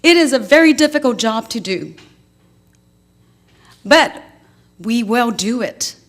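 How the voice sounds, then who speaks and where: A woman with a slightly high voice addresses a school board. She is emotional but earnest and firm as she defends her department's work. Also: lively intonation, takes it slowly. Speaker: school district risk manager. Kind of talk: public statement at a board meeting.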